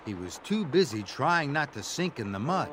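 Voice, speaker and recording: A man narrating a children's story aloud in a slow, read-aloud manner. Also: mid-range voice, big pitch swings. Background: background music.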